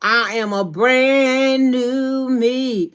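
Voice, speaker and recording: A woman's voice: high voice, very slow, smooth, voice pushed up. A woman voicing her younger sister, now bold and declaiming with pride. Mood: proud. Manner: proud, declaiming, emphatic.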